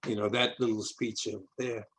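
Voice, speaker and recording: On a low-quality recording, an older South Bronx, New York man hosts a casual video-call interview, wandering through his points with repeated words and restarted sentences. His voice is fairly low and fairly bright, with little pitch movement and a moderate pace.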